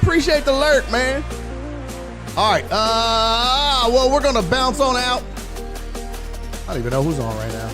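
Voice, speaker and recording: Lively-pitched man hosting a home sports stream. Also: measured pace, pauses often, music in the background. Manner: loose, rambling, shouts out chat viewers; swears casually. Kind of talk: casual live-stream chat.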